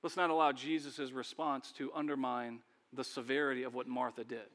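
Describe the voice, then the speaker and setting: A man preaching a sermon, animated, acting out characters and calling on the congregation to respond. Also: mid-range voice, brisk, in a large hall.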